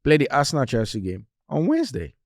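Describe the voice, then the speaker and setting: A man's voice: medium pitch, wildly swooping pitch, fast talker, no room sound, clean studio sound. A man co-hosting a casual football podcast, talking in an emphatic way and repeating his points. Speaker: podcast co-host.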